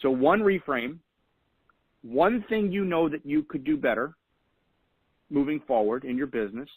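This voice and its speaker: A man's voice: a little high, moderate pace, breathy edge, no room sound, poor audio. A man hosting a weekly call, giving motivational coaching in an earnest way and repeating key phrases for emphasis. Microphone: phone call.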